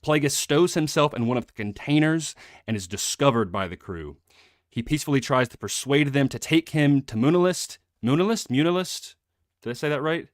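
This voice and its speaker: A man's voice: medium pitch, lively intonation, fairly quick, no room sound, studio quality. A man hosting a casual book club live stream, rambling with fillers and frequent laughs.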